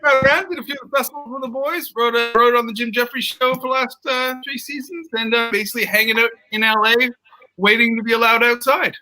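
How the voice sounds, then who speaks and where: A man from Canada, a comedy writer and stand-up, making wry, quick jokes over a video call. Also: very high voice, fairly even intonation, bright, forceful tone, low-quality recording. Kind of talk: jokey panel banter.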